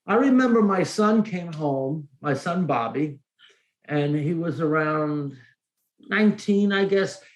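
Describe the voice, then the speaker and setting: Expressive older-sounding male host, echoey room. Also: a little high, slow pace. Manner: expressive, acts out quoted dialogue. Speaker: podcast host. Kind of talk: casual interview storytelling.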